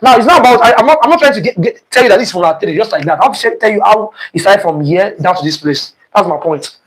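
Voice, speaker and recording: A male physics teacher with a high voice runs an online exam-prep lesson. He repeats himself and keeps quizzing the class with "what?" prompts, rushing some phrases and dragging out others. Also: expressive, fairly bright tone, rough recording. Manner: repetitive, quizzing with "what?" questions; speeds up and slows down, stressing terms.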